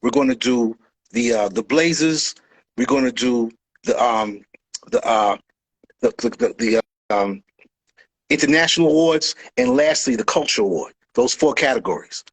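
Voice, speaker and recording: A man, a guest in a casual conversation, telling lively stories and acting out the people he quotes. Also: mid-range voice, normal speed, husky, low-quality recording. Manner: animated storyteller, acts out quoted voices. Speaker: guest, early hip hop dancer.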